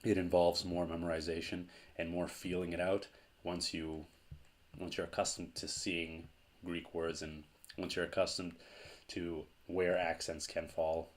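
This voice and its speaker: A man's voice: sits low, level tone, measured pace. A man teaching a language lesson in a patient, explanatory way, repeating key points for emphasis.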